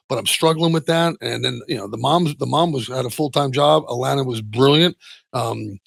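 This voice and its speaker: Middle-aged man, interview guest, husky gravelly voice, dry close sound, halting candid delivery. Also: medium pitch, no room sound. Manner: halting, many restarts and soft trailing asides. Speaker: interview guest, retired football player. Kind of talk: candid personal storytelling.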